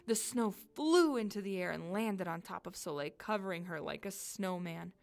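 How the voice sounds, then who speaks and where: A woman reading a children's story she wrote herself, telling it expressively with dramatic pauses. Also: on the low side, gravelly, a little mellow.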